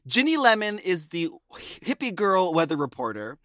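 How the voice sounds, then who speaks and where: A man co-hosting a podcast in casual chat, animated and quick to slip into impressions. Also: high voice, no room sound, clean studio sound. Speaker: podcast co-host discussing a TV show.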